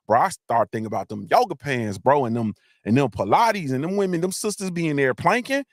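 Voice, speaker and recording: A middle-aged man hosting a motivational live talk, animated and preachy, asking his listeners again and again if they feel him. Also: on the high side, a little fast, hardly any pauses, dry recording, studio quality. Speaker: host.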